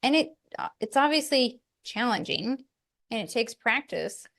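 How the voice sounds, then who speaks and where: A woman's voice: on the high side, expressive, a little slow, vocal fry, a bit bright. A middle-aged woman hosting a podcast, talking candidly and reflectively in casual chat, with light laughs now and then. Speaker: podcast host.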